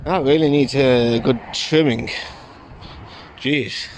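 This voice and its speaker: A man vlogging outdoors on a phone in wind and rain, rambling with many fillers and pauses. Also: mid-range voice, expressive. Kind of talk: casual vlog chat. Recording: heavy wind noise on phone mic.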